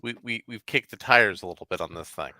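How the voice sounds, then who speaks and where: Male host, low pitch with a crisp bright edge, relaxed demonstrating tone, dry sound. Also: fairly quick, no room sound. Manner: relaxed, showing a tool step by step. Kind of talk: casual conversation.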